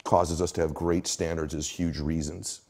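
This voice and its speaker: A man's voice: a bass voice, flat delivery, moderate pace, a little mellow. A middle-aged man in a motivational interview, telling stories emphatically and acting out quoted lines. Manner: emphatic, storytelling, acts out quotes. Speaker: interview guest, coach.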